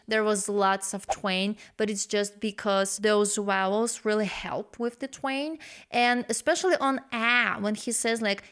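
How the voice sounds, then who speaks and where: A woman vlogging her reaction to a song, explaining vocal technique in an expressive, analytical way and exclaiming in surprise. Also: mid-range voice, gravelly, clear, resonant tone. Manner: slow and expressive, gasping and swearing in surprise. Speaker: vocal coach reacting to music.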